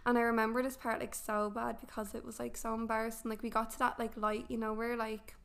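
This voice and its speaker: A young woman in her twenties, talking quickly and pitched a touch high. She chats as a podcast guest, candid and loose, with plenty of fillers and curses. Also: level tone, gravelly, fairly bright tone. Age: 20s. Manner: candid storytelling full of fillers and swearing. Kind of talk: casual chat.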